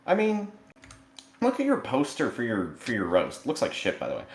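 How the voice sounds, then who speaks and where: A man's voice: mid-range voice, huge pitch swings, normal speed. A man delivering a comedic roast with sarcastic, mock-earnest jokes and self-deprecating asides, recorded in a sparsely furnished new home. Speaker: roast participant. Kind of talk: comedic roast set over a video call. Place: newly moved-in, barely furnished home. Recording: echoey, sparsely furnished room.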